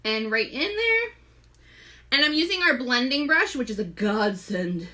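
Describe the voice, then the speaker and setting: A woman's voice: sits high, sing-song, unhurried, pushed and bright. A young pregnant woman hosting a casual live makeup tutorial, chatty, greeting viewers by name and often short of breath. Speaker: makeup seller and live-stream host.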